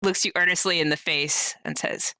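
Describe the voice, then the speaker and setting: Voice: mid-range voice, fairly even intonation, normal speed, bright, forceful tone, dry recording. A player in a tabletop role-playing game, speaking in an earnest, cheerful way. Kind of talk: casual tabletop play.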